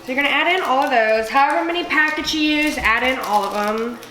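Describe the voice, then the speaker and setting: A woman's voice: sits high, fast, pushed and bright, a little hiss or hum. A tipsy woman hosting a casual cooking vlog, rambling and swearing freely as she chops. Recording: echoey room with music behind.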